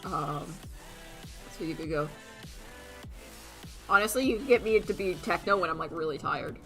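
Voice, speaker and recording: Bright-voiced young woman, giggly streamer. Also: lowish voice, animated, moderate pace, pauses often, faint music behind. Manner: giggly, rambling, many fillers. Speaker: streamer and artist. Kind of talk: casual livestream chat.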